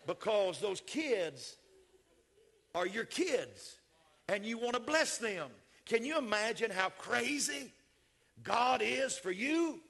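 An older man, a pastor preaching a sermon, swinging from shouted, rising builds to soft, folksy storytelling. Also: very high voice.

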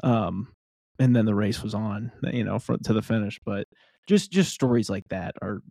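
A man's voice: fairly low pitch, moderate pace, creaky, mellow, no room sound, studio quality. A man co-hosting a podcast, telling stories in a rambling casual way with many fillers. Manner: rambling storyteller, many ums. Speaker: podcast co-host.

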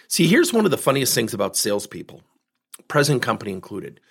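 A man's voice: fairly low pitch, fairly quick, creaky, slightly rough. A man coaching on sales, telling stories and acting out both sides of the conversations. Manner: lively storyteller who acts out both sides of conversations. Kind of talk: storytelling talk.

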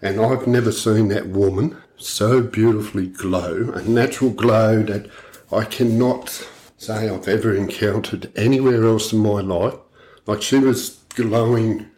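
A man's voice: lowish voice, a little slow. A man co-hosting a podcast, telling a story bluntly and swearing heavily as he goes. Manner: blunt, heavy swearing, animated retelling. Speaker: podcast co-host. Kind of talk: casual storytelling chat.

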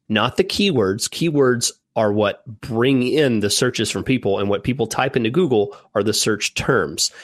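Low-voiced Texan podcast host. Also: male voice, fairly bright tone, dry recording. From Texas. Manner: reads listener email aloud with joking asides. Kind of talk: casual Q&A podcast talk.

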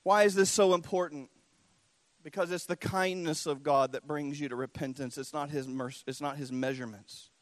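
A man's voice: a little high, fairly even intonation, moderate pace, no echo. Impassioned preacher, man with a raised voice. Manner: impassioned, swinging between loud cries and hushed near-whispers. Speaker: pastor. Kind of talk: sermon.

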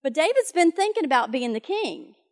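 A woman's voice: high voice, big pitch swings, a little fast. A woman preaching a sermon, retelling a Bible story in a conversational way with fillers and asides.

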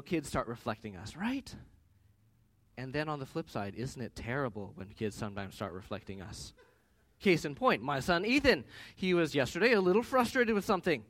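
Animated man preaching a sermon. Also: a little high. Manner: animated, conversational with personal anecdotes. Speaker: pastor.

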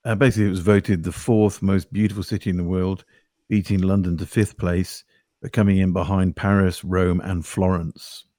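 A man's voice: deep voice, little pitch movement, normal speed, warm tone, no room sound, clean studio sound. A man talking on a podcast as a regular guest, matter-of-fact as he gives facts and figures. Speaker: property investment expert guest. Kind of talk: casual podcast chat.

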